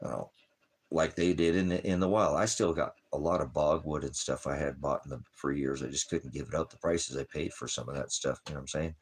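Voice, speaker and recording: Deep-voiced man chatting on a livestream. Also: fairly quick, husky. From lived in Alaska. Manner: rambling, talks to his dog and viewers. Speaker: livestream host. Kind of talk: casual livestream chat.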